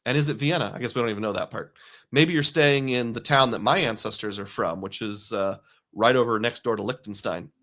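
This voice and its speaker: Bright-voiced man hosting a casual live stream. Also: mid-range voice, fairly quick. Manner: rambling, reads viewer comments aloud and jokes along.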